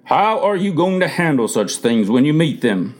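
Wise plain-spoken grandfather, older, slow deliberate delivery, read by a male narrator. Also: on the high side, sing-song. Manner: slow, deliberate, gently probing.

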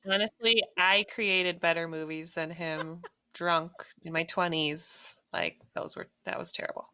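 A woman's voice: on the low side, steady tone, unhurried, pushed and bright, clean tone, no echo. A woman on a casual podcast, making blunt, joking put-downs. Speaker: podcast co-host. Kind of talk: casual chat.

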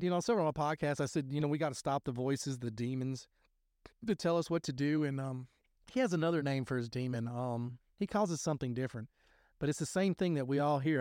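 Male podcast host, mid pitch, impassioned preacher-style rambling, dry room. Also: a little mellow, smooth, no room sound. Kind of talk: sermon-like recovery talk.

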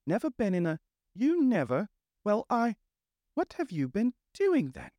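A man voicing a genial, dreamy male water rat in a storybook, solemn and musing, jumping up high when excited. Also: moderate pace, no room sound, lightly acted. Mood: astonished. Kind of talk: storybook character reading.

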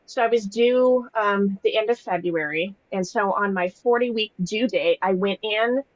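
A woman's voice: mid-range voice, normal speed, no room sound, lo-fi sound. Candid young woman telling her story. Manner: candid, emotional, heavy use of fillers. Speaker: podcast guest. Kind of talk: casual personal storytelling.

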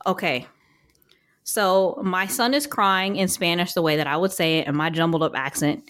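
A woman's voice: fairly low pitch, normal speed. Laughing woman podcast co-host. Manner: laughs often, animated storytelling. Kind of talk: casual chat.

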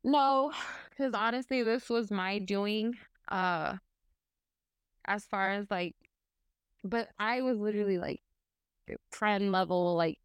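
A woman's voice: medium pitch, smooth, no echo. A woman in her twenties, co-hosting a podcast, telling a personal story in casual chat, rambling with lots of fillers. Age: 20s. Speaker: podcast co-host.

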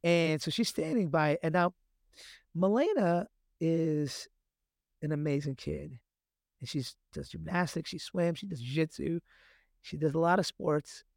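Podcast co-host, man, 30s, lively storyteller, somewhat high voice, dry close sound. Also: a little slow, no echo. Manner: animated storyteller, acts out his kids' voices. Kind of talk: casual chat.

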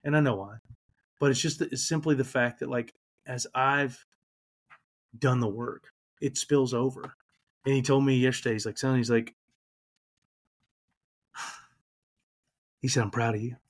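A man's voice: mid-range voice, fairly even intonation, a little slow, long pauses. Guy in his 30s on a podcast, earnest and reflective, talks about his life, gets a bit emotional, ordinary mid voice. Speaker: podcast guest. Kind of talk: candid personal storytelling.

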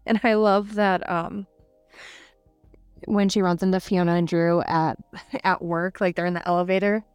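A young woman with a smooth, clear voice talks through a book's plot in an easy, chatty way, with fillers and small laughs. The sound is dry and close, and soft music sits faintly behind her. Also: on the low side, steady tone, normal speed, no echo. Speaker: podcast co-host. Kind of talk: casual book review chat.

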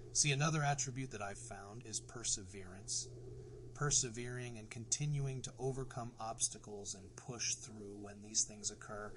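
A man's voice: lowish voice, pushed and bright, slight background noise. A middle-aged man hosting a motivational podcast, talking emphatically, swearing for emphasis and tossing in rhetorical "right?"s. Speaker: podcast host.

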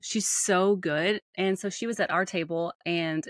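Woman, Southern American accent, lowish voice, gushing podcast co-host, dry close sound. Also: steady tone, measured pace, no echo. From United States. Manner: gushing, laughs often. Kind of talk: casual chat.

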